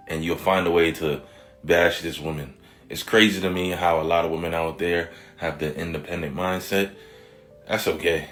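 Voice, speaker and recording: A man with a very deep voice hosts a reaction show and talks in a blunt, exasperated way. Faint music plays underneath him. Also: fairly bright tone. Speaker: reaction channel host. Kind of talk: reaction commentary.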